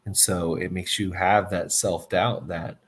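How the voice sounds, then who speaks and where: A man's voice: sits low, steady tone, unhurried, breathy edge. A man speaking as a podcast guest in casual chat, thinking aloud in a reflective, hesitant way. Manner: reflective and hesitant, many restarts.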